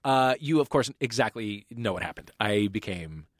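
A man hosting a comedy panel podcast, running the game with animated, playful mock outrage. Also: lowish voice, moderate pace, no echo, studio quality. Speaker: podcast host.

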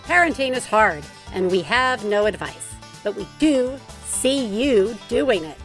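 A woman's voice: on the high side, animated, a little slow, fairly bright tone, soft background music. A woman hosting a podcast ad, bubbly and jokey with her co-host. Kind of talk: playful podcast promo.

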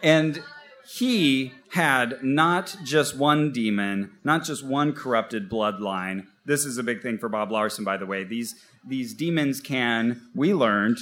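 A man co-hosting a live podcast, telling a story on stage in a wry, animated way with mock quotes. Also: medium pitch, takes it slowly. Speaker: podcast co-host. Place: stage before a live audience.

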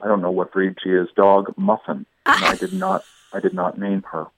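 A middle-aged man, a guest poet, chatting and reading his humorous poems aloud in a dry, deadpan way. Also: low-pitched, moderate pace, a little hiss or hum. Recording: tinny phone-like line.

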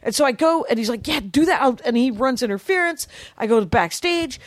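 A woman with a high voice tells a story on her podcast, animatedly acting out each person she quotes. The sound is dry and close, with no room around it. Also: animated, a little fast, no echo. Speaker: podcast co-host. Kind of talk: casual storytelling chat. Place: podcast studio.

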